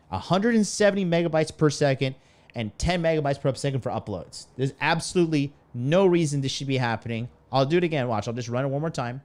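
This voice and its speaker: Man, slightly high voice, profane livestream rant, fired-up and preachy. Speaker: dating coach streamer.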